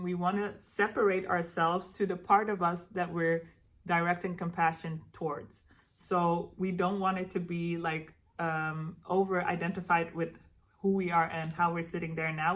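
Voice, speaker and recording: A young woman hosting a self-help video, explaining a process in a relaxed, gentle way with frequent fillers and restarts. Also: fairly low pitch. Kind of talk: casual instructional talk.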